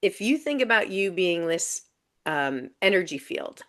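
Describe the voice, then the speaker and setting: A woman guest in a podcast interview, telling stories in a casual, animated way with many "um"s and "you know"s. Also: fairly low pitch, unhurried. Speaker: guest coach.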